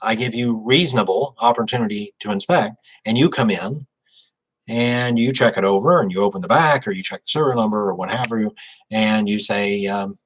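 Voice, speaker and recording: Auctioneer, male, lower register, talks things through unscripted with fillers and self-corrections. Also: normal speed, poor audio. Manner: thinks aloud with frequent fillers and restarts; reads a quoted passage aloud. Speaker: auctioneer and legal consultant. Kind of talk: informal explanatory talk.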